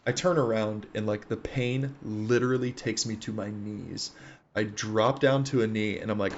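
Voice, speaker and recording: A man's voice: on the low side, fairly even intonation, moderate pace, lo-fi sound, a little hiss or hum. Profane, laughing male army veteran. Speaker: army veteran telling a war story. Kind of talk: casual storytelling on a live stream.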